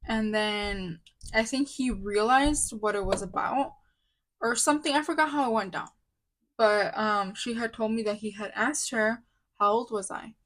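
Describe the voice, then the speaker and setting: A woman's voice: medium pitch, measured pace, a bit bright. A woman in her twenties telling a casual storytime vlog, upset and venting, with many fillers and restarts. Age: 20s. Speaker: vlogger.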